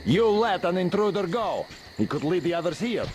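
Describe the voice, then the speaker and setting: A man's voice: sits high, big pitch swings, moderate pace, a little mellow, slight background noise. An actor playing a belligerent adult pirate spokesman in a video game cutscene, taunting and threatening the council. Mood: mocking.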